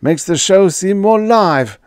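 A blustering, excitable male TV boss who squawks high and loud and gets flustered fast, as a male audiobook reader puts him on. His voice jumps far above the reader's own low register. It has a dry, close sound. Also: clear, resonant tone, dry recording. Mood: pleased. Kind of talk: audiobook character voice.

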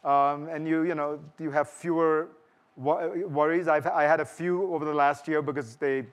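A man's voice: fairly high pitch, steady tone, normal speed. A middle-aged man speaking to a festival audience, thoughtful and full of restarts and fillers, then taking questions. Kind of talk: festival talk and Q&A. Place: large lecture hall.

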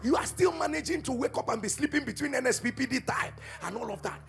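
A man preaching a charismatic sermon, swinging between quiet teaching and shouted, chanted prayer declarations. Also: very high voice, animated, fast talker, vocal fry, faint music behind. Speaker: pastor.

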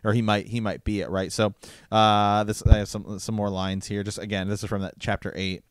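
A man co-hosting a podcast in casual conversation, reading book passages aloud in a halting way with many fillers. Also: on the low side, little pitch movement, smooth, no echo, studio quality. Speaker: podcast co-host.

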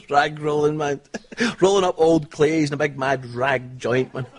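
A man's voice: fairly high pitch, slow. A man with a Scottish accent playing a rambling, giggling young stoner in a TV sketch. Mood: giggly. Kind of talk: television sketch comedy. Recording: loud background noise.

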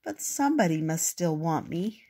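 An older woman voicing a hopeful young male valentine card, raising her voice high and earnest for him in a storybook. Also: sing-song, moderate pace, dark tone, husky, heavily acted. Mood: forlorn.

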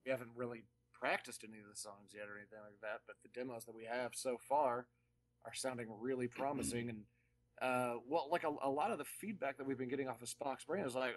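A man who plays in a band, a guest on a podcast, talking in a casual, animated way with frequent laughs. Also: medium pitch. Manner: animated, laughing, quick asides.

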